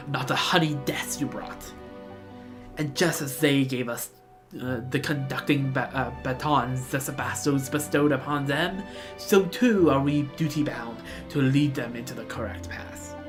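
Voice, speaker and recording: A woman's voice: a bass voice, a little slow, over music. A woman voicing a haughty, ancient male villain in a mildly posh, pompous tone for a game read-along. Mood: grandiose.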